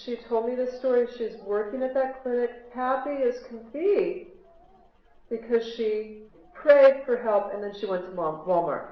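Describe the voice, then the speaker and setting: A woman's voice: on the high side, moderate pace. A woman giving a live spiritual talk to an audience, telling stories and asking the crowd questions. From United States. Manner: chatty, asks the audience questions. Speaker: spiritual speaker. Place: large hall with a live audience. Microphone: recorded from the audience on a handheld MP3 player. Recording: lo-fi echoey hall recording from the audience.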